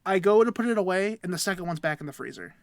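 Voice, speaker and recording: A man's voice: high voice, animated, quick pace, dry recording. A young man co-hosting a podcast, telling a rambling story about himself while laughing between sentences. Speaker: podcast co-host. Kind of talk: casual storytelling chat.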